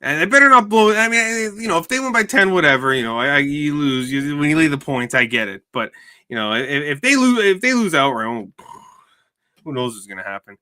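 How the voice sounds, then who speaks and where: A man's voice: on the high side, animated, fairly quick, pushed and bright. A man hosting a sports betting show, giving heated, rambling commentary with many restarts and repeated words.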